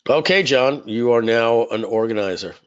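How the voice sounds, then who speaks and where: A man's voice: mid-range voice, normal speed, clean tone, muffled recording. Chatty man hosting a webinar. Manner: chatty, rambling, many "uh" fillers. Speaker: webinar host. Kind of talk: casual live webinar talk.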